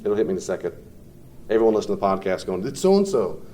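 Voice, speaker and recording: A man's voice: deep voice, steady tone, racing, mellow, slight background noise. Man lecturing a class off the cuff. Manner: conversational, off the cuff, mimics people in quotes. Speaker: teacher.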